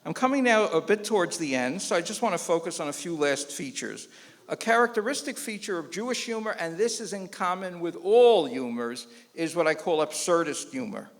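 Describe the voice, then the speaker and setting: Animated man telling jokes in a hall. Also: sits high, a little fast. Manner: animated joke-telling with quoted voices. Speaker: rabbi lecturer. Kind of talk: public lecture telling jokes. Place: lecture hall before an audience. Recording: long hall reverb.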